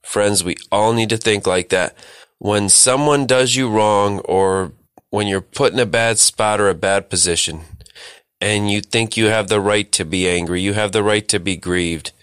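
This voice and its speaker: A man's voice: lowish voice, measured pace, fairly bright tone, clean tone, dry recording, clean studio sound. A man leading a Bible study, reading scripture and exhorting listeners earnestly.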